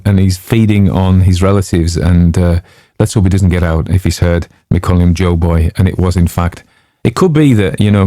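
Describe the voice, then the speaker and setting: Man, low voice, digressive talk, joking asides, fillers, dry room. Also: warm tone, no room sound. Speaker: audiobook narrator introducing a story. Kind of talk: rambling casual chat.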